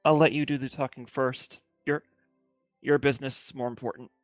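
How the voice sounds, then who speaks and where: A man's voice: mid-range voice, flat delivery, normal speed, no room sound, soft background music, lightly acted. A man voicing a hesitant, polite fox-spirit adventurer who stumbles and repeats his words.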